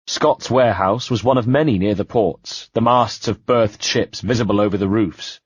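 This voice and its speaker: A man narrating an audiobook in the first person, measured and quietly tense. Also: lowish voice, husky, no room sound. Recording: dull dry home-studio sound.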